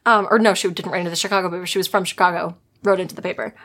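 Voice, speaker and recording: A woman's voice: fairly low pitch, fairly even intonation, very fast, fairly bright tone. A young woman hosting a podcast, telling stories in a chatty, giggly, digressive way. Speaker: podcast host. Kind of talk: casual podcast storytelling.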